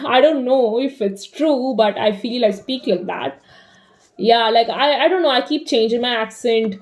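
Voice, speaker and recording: A young woman chatting casually in a rambling diary vlog, full of fillers, swinging between animated and flat delivery. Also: fairly high pitch, unhurried. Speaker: vlogger.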